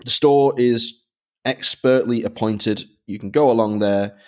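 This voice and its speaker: A man's voice: medium pitch, measured pace, darkish tone. A man from Britain co-hosting a podcast, explaining a product review in methodical detail. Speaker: podcast co-host.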